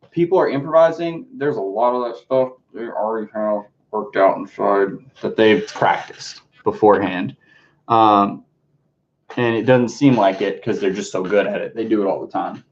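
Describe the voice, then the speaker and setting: A man chatting casually on a live stream as he unboxes his music books, rambling and swearing freely as he answers the chat. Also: mid-range voice. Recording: dull lo-fi stream audio.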